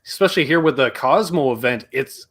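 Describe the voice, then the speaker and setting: A man's voice: mid-range voice, expressive, fairly quick, a bit bright. A man hosting a casual chat, telling a friendly, chatty story. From Canada. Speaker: host.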